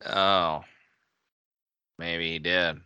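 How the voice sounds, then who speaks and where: A man's voice: sits low, level tone, very slow, pushed and bright, clear, resonant tone, dry recording, lo-fi sound. A man chatting casually as a podcast co-host, often laughing and stumbling over repeated words. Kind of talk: casual chat.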